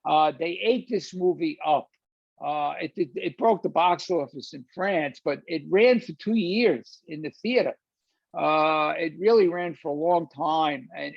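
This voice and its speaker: A man's voice: high voice, gravelly, a little mellow, dry recording, lo-fi sound. An older man giving a rambling, informal lecture on a film, full of "uh"s and restarts, and acting out scenes as he retells them.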